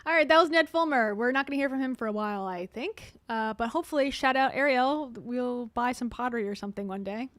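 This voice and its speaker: A woman hosts casual reaction commentary in a sarcastic, chatty way, laughing often. Her voice sits a little high, and the recording is dry and close, with no room sound. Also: fast, few pauses, a bit bright, no echo. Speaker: commentary channel host.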